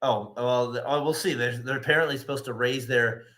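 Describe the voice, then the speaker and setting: Bright-voiced man rambling about baseball. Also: mid-range voice, steady tone, brisk. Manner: rambling, laughs often, acts out quotes. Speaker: co-host. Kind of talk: casual sports chat.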